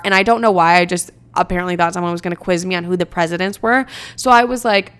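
Smooth-voiced young woman telling a story. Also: medium pitch, fast talker, few pauses. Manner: animated, swearing, self-mocking. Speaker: vlogger. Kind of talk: casual storytime monologue.

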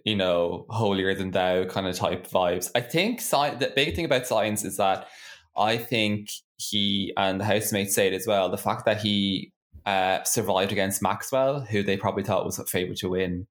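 A man's voice: fairly low pitch, moderate pace. Laid-back man, hesitant chatty fillers. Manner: hesitant, many fillers, laughs along. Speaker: podcast co-host. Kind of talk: casual chat.

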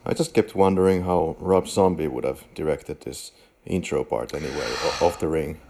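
A man co-hosting a film podcast, chatting in a relaxed, rambling way. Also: very deep voice, normal speed. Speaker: podcast co-host. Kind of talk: casual film chat.

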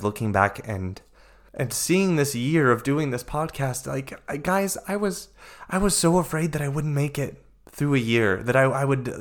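A man talking straight to his listeners in a motivational podcast monologue. His delivery is emphatic and repetitive, full of encouragement. He calls his audience his friends. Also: fairly low pitch. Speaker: podcast host and life coach.

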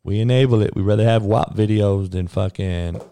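A man's voice: on the low side, moderate pace, dark tone, clean tone, no echo. A man who is a coach and podcaster, delivering a heated monologue rant in a blunt, profane, preachy way.

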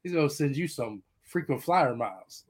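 A man's voice: medium pitch, animated, moderate pace, slightly rough. Joking midwestern man in casual chat. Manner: joking, laughs often. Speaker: podcast host.

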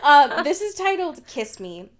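A woman's voice: sits high, very animated, measured pace. A woman co-hosting a podcast in casual chat, laughing often and swearing freely. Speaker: podcast co-host.

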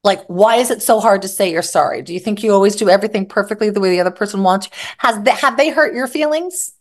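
A woman therapist talking in an interview, animated and acting out quoted exchanges. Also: mid-range voice, quick pace. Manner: animated, acts out quoted dialogue. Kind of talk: interview conversation.

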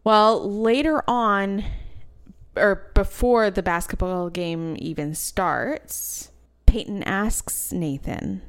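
Podcast co-host, female, lowish smooth voice, unhurried recaps of scenes. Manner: recaps scenes, quotes characters, laughs easily. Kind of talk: casual chat.

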